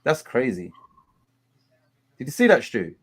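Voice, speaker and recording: A man, hosting a casual live watchalong of a football match. He complains about dull play and gets excited during attacks. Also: medium pitch, measured pace, breathy edge. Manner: chatty, groans at a dull game, excited bursts at attacks. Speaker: watchalong host.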